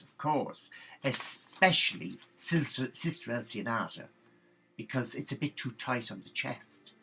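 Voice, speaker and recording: A man's voice: on the low side, creaky, husky, rough recording. Gossipy man telling a comic tale. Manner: gossipy, animated. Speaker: storyteller. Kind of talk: comic storytelling.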